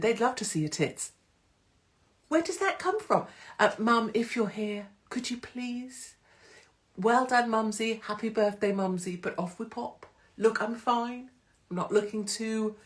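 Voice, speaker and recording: Sweary, joking woman live-streaming. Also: fairly high pitch. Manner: irreverent, joking, sweary, does mocking voices. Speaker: host of a live social media stream. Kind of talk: casual live-stream chat. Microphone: phone.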